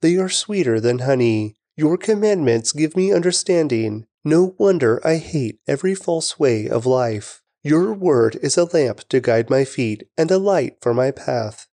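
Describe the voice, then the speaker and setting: A man giving a steady, reverent scripture reading. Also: mid-range voice, a little slow, hardly any pauses, no room sound. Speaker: scripture reader.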